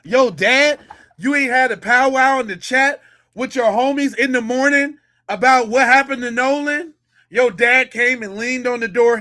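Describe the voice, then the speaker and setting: High, bright-voiced sarcastic male commentator. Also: unhurried. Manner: mocking, incredulous, slangy. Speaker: podcast host, commentator.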